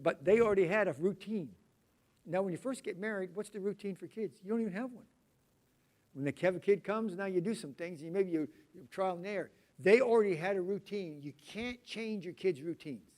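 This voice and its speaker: Chatty middle-aged male preacher, rambling sermon. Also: sits high. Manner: conversational, rambling, acts out quoted voices. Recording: poor volume quality.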